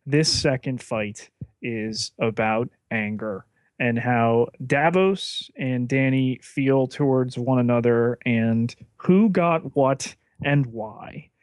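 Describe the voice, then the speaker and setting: A man co-hosting a podcast, breaking down an episode in a measured, analytical way and weighing the characters' motives and stakes. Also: mid-range voice, dry recording. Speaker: podcast co-host. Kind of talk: casual episode recap.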